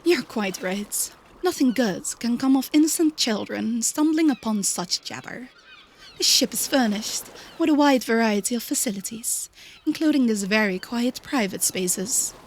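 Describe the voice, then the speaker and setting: A woman voicing a haughty, refined noblewoman chaperone, lowering her voice a bit and speaking in a lofty, formal way. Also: lively intonation, moderate pace, a little hiss or hum.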